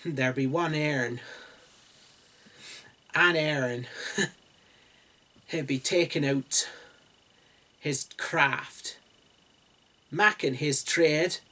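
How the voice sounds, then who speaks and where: A man's voice: a little high, fairly even intonation, slow, pauses often, sharp tone, full character voice. A man doing a rustic country storyteller. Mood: folksy. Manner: mock archaic country dialect, singsong storytelling. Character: rustic old-time male country storyteller.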